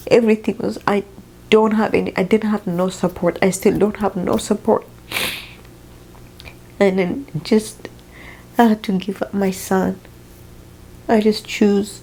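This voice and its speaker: A young woman who is not a native English speaker, talking emotionally in a personal vlog, halting and sighing as she fights back tears. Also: mid-range voice, flat delivery, gravelly, dark tone, breathy edge, low-quality recording. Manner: emotional, tearful, halting, with sighs. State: crying at times. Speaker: vlogger.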